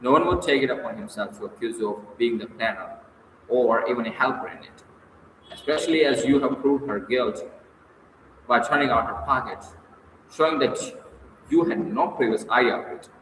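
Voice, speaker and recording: A man doing a pompous stuffy gentleman. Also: mid-range voice, moderate pace, slight background noise, close to an everyday voice. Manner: stilted, lecturing, turns flustered. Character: pompous self-righteous middle-aged male gentleman. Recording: echoey distant room, long reverb.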